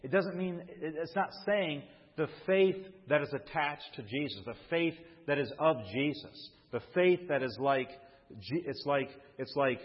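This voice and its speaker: Husky male pastor preaching. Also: fairly high pitch, measured pace. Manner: calls out to the congregation for responses; repeats and restarts phrases while preaching. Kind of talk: sermon. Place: church sanctuary. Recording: long hall reverb, dull muffled sound.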